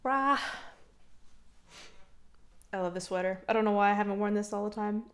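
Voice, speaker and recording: A woman chatting casually on a live stream, reading chat and giggling often, with soft, mumbly trailing speech. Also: medium pitch, normal speed. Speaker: streamer and singer.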